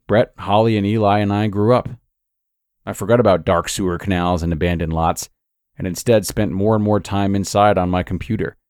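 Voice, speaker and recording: A man narrating a scripted horror story in a measured, steady way. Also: deep voice, no room sound, studio quality.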